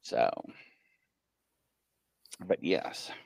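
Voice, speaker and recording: A man's voice: drawn-out words, a little mellow, dry recording. A man hosting a casual live-stream chat, jokey and chatty as he greets viewers by name. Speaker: host.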